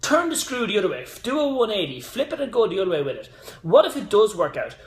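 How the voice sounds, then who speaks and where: Man, fitness coach on a live stream, rambling motivational chat, fairly high voice, echoey room. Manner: chatty, rambling with side notes and motivational asides. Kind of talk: casual live-stream monologue.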